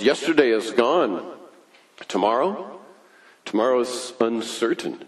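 A man preaching a sermon, building points through repetition, his voice rising high and then dropping low and quiet. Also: lively intonation. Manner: deliberate, repetitive preaching with wide swings in pitch and loudness. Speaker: pastor.

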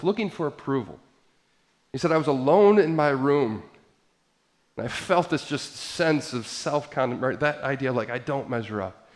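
A middle-aged man preaching a sermon as pastor, swinging from quiet asides to loud, emphatic passages. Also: medium pitch.

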